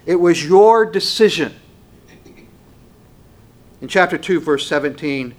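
A man preaching a sermon slowly and emphatically, swinging between loud passages and hushed ones. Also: a little high, expressive.

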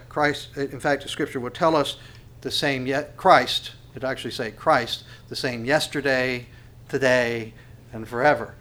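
A man preaching a sermon, reading scripture loudly and dropping low for asides, with rhetorical questions to the listeners. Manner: emphatic, swells loud on scripture quotes and drops low for asides.

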